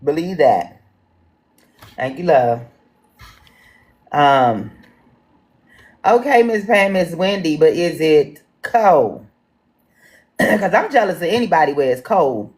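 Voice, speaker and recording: A woman's voice: sits low, big pitch swings, takes it slowly, long pauses, a little mellow. A woman with a Washington D.C. accent moderating a livestream town hall, chatting folksy and casual with viewers. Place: home in Washington D.C.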